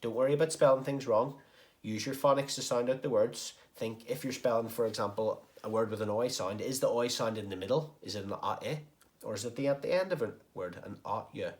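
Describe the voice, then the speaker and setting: Walking young pupils through writing one step at a time, a man teaches in a recorded home-learning lesson. He's a primary school teacher whose mid-range voice is brisk and encouraging.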